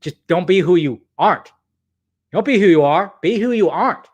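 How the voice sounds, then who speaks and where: A man doing a loose impression of a laid-back, philosophical celebrity, slow and low. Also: expressive, muffled recording. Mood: musing. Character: laid-back drawling man musing on life, male adult.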